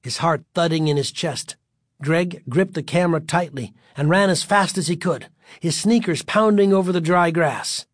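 Male storybook narrator, slightly high voice, dry close sound. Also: normal speed, dry recording.

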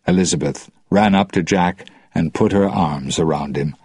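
Slow story reader guy, low voice, husky, dry close sound. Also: dry recording. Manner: slow, expressive reading. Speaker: narrator. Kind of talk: storybook reading.

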